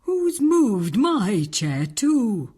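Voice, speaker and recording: A woman playing a prim, shocked mother bear with high, drawn-out cries. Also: sing-song, dark tone, breathy edge, heavily acted.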